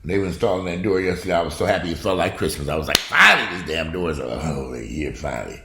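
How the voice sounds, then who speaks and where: A middle-aged man from the United States, ranting to camera in a casual vlog, blunt and profane, swinging from loud outbursts to low grumbling. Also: fast, echoey room, noisy background. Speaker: vlogger.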